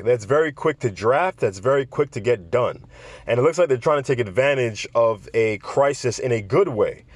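A man hosting a casual commentary show, talking in an animated, digressive way with wry asides. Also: mid-range voice, no room sound. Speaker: podcast host.

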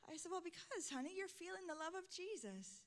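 A middle-aged woman pastor preaching a sermon, swinging from soft, intimate lines to loud, emphatic calls. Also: extremely high pitch, animated, fairly quick.

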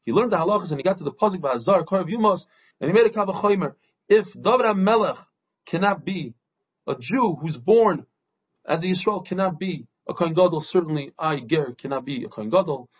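A husky man with a fairly high voice teaches a daily Talmud lesson. He retells its stories with energy and briefly acts out each quoted speaker. The recording sounds dull and lo-fi. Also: brisk. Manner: lively storytelling, acting out quoted speakers.

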